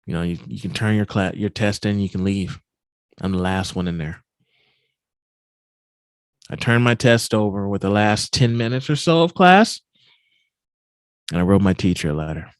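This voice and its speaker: A man giving a keynote at a virtual summit, telling a personal story in an animated, emphatic way. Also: lowish voice, moderate pace, long pauses, clear, resonant tone, dry recording. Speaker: keynote speaker. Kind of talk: storytelling talk.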